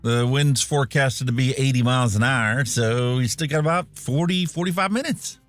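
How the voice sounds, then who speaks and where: A man's voice: mid-range voice, moderate pace, fairly bright tone, faint music behind. An American man hosting a casual live stream, laid-back and swearing casually. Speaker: host.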